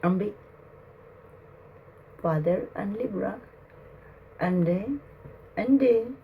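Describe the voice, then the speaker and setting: A woman addressing spirits aloud on camera, emotional and halting, laughing and close to tears as she speaks. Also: mid-range voice, animated, gravelly, warm tone, slight background noise. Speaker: spiritual channeler.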